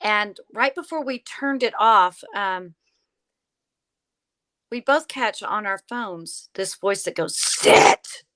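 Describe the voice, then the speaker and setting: A woman guest telling a story in conversation, animated, acting out the lines of the people in it. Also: mid-range voice, takes it slowly, long pauses. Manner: animated, acts out quoted dialogue. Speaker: podcast guest, paranormal investigator.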